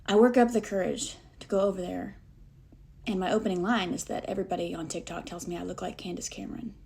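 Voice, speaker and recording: A woman vlogger telling a personal story to the camera in a casual, animated, self-deprecating way, acting out the dialogue as she goes. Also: on the low side, quick pace, creaky, a little hiss or hum.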